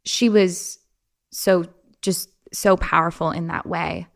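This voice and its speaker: A woman's voice: fairly low pitch, steady tone, takes it slowly, gravelly. A young woman, a podcast guest, telling a personal story in a casual, chatty way, with lots of "like" fillers and restarts. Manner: chatty, many "like" fillers and restarts, laughs often.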